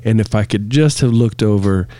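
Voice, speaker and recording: A man's voice: fairly low pitch, moderate pace, no room sound, clean studio sound. A man, a couples therapist, talking casually on a podcast and telling stories with frequent laughs. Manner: relaxed storytelling, laughs often.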